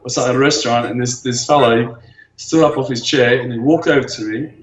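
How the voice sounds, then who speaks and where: A man's voice: mid-range voice, steady tone, fast, a little hiss or hum. Laid-back young man in an echoey room. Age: 20s. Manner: laid-back, swears casually, restarts often. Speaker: guest, bodybuilder. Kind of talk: casual interview chat.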